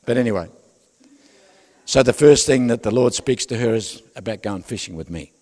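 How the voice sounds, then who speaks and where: A man's voice: mid-range voice, normal speed, darkish tone, long reverb tail. An older man with an Australian accent, preaching a sermon full of personal stories, jokes and asides to the congregation. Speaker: pastor.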